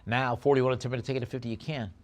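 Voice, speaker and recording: A man calling a live auction, rattling off bids in a quick chant and slowing down to describe each lot. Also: mid-range voice, fairly even intonation, heavy background noise. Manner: rapid bid-calling chant alternating with slower item descriptions.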